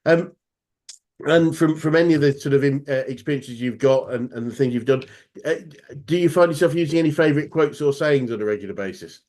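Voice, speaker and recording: A man's voice: medium pitch, brisk, a little mellow. A man hosting a business interview, enthusiastic and full of false starts and repeated words as he responds. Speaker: interview host, business coach. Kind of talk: casual interview chat.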